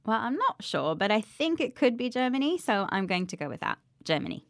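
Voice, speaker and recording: A woman co-hosts a scripted English lesson, chatty and clear as she explains words. Her pitch moves a lot, and she is recorded close and dry. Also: big pitch swings, fairly quick, no echo. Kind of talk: scripted radio lesson chat.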